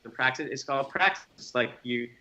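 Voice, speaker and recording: Male podcast guest, bright tone, lo-fi remote sound, reflective rambling talker. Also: mid-range voice, normal speed. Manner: reflective, thinks aloud with restarts. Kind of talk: casual podcast conversation.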